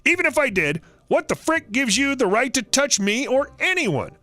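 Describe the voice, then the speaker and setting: Woman in her thirties, shouting back in fury, high-pitched, as a male narrator plays her. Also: big pitch swings, moderate pace, no echo, full character voice. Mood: furious. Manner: startled, then shouting angrily. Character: Canadian woman in her thirties, polite turned furious.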